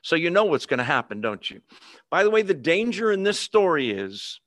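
A man's voice: on the high side, very animated, normal speed, fairly bright tone, no room sound, studio quality. A man teaching a Bible lesson in a conversational way, often checking in with his listeners.

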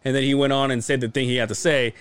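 A podcast host tells stories in loose, casual chat, swearing a lot and acting out the voices of people he quotes. His voice is mid-range and rapid-fire, with a clean tone and no room sound.

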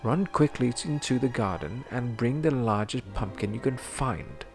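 A kindly fairy godmother who hurries her godchild along with brisk, motherly commands, as a man reading a storybook puts her on. The voice is gravelly, with music playing underneath. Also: mid-range voice, animated, close to an everyday voice.

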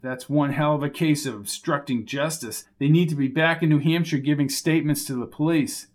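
A man's voice: a little high, a little fast, lightly acted. Man voicing a determined male investigator, blunt, impatient, insistent, audiobook. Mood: exasperated. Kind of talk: audiobook character voice.

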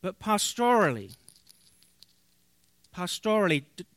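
Male pastor, high bright tone, earnest sermon delivery with scripture reading, dry close sound. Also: big pitch swings, no echo. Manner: earnest preaching with pauses and fillers, reading scripture aloud.

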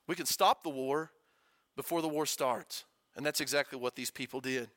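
A man preaching a sermon as pastor, conversational, asking the congregation questions and dropping to a quiet hush for emphasis. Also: medium pitch, normal speed, no room sound.

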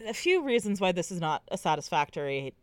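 A woman's voice: a little fast, smooth, dry recording. A woman co-hosting a casual book podcast, retelling scenes and lifting her voice for the quoted characters. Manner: animated, acts out quoted characters with lifted pitch. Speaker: podcast co-host. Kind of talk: casual book-club chat.

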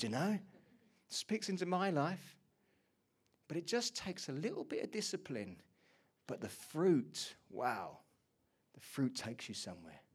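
Male pastor, sermon delivery, dynamic swings from soft to loud, mid-pitched voice. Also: husky.

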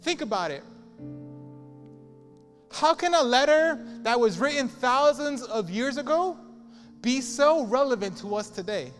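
A man's voice: very high voice, expressive, a little slow, pauses often, in a large hall, soft background music. A man pastor preaching a sermon in an emphatic, repetitive style.

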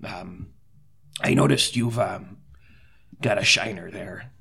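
Man, gravelly, husky, soft-spoken, earnest cleric in a tabletop game. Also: low voice, slow. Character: earnest male cleric recruiter. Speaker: player voicing a cleric. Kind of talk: tabletop role-play in character.

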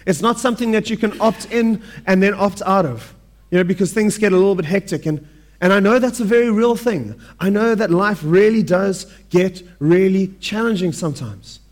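High-voiced man preaching a conversational sermon. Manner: conversational, asks "right?" often, slows for emphasis on scripture.

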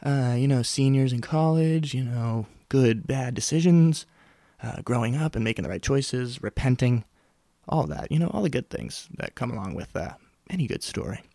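Gravelly young man rambling on a podcast. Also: mid-range voice, lively intonation, moderate pace, mellow, no echo. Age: young adult. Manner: rambling, self-mocking, jokey, with sudden whispers and put-on voices. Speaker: podcast host. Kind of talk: casual solo podcast monologue. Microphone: studio mic close up.

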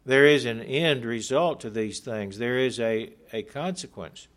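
A man preaching a sermon in a middle-pitched voice. He reads scripture passages and explains them earnestly, leaning on key words and slowing down for emphasis. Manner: earnest, emphatic, slows for stress.

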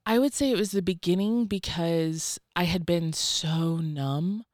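A woman's voice: on the low side, measured pace, darkish tone, no room sound, clean studio sound. A woman guest in a casual interview, talking in a wry, rambling, self-deprecating way. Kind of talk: casual chat.

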